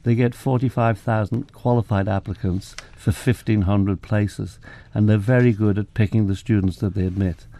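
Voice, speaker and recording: The speaker is an older man from England who works as a photographer and professor, telling anecdotes at a moderate pace with few pauses. His voice is fairly low, steady and warm; in this relaxed interview he acts out dialogue and is self-deprecating.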